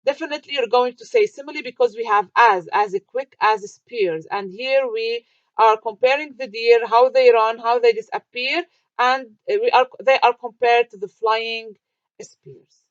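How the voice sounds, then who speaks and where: Higher-pitched woman teaching a lesson. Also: fairly even intonation, normal speed, no echo. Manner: explanatory, asks questions and answers them herself; hesitant with fillers and restarts. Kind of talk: recorded online lecture. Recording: dry, muffled lo-fi.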